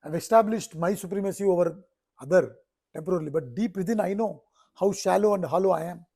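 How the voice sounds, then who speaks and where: A man's voice: sits high, brisk, gravelly, mellow, breathy edge. A man, a spiritual teacher explaining scripture and telling stories, often checking in with his listeners.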